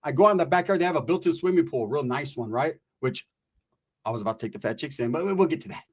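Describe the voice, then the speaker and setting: A man's voice: on the high side, lively intonation, fast, darkish tone. A man telling a rambling comic story in crude, profane language, acting out the people he quotes.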